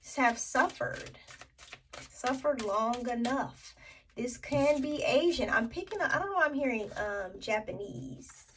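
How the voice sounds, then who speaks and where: A woman reads tarot cards for her viewers in a fairly high voice. She talks slowly, thinking aloud with plenty of fillers and restarts. She sits a little away from the mic, with faint noise behind her. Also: expressive, fairly bright tone, distant mic, rough recording. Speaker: tarot reader.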